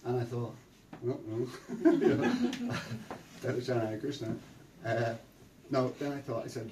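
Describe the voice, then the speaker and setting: A man's voice: medium pitch, very animated, slow, background noise. An older Irish man giving a chatty storytelling talk at a temple, full of fillers and repeats. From Ireland. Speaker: preacher. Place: temple hall. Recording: roomy sound from a distant mic.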